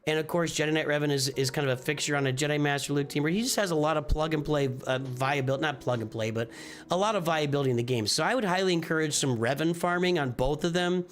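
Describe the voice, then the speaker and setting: Faint music sits behind a man whose voice is on the high side and fast. He's live streaming, casually commenting on viewers' game rosters as he thinks aloud, with restarts and repeated phrases.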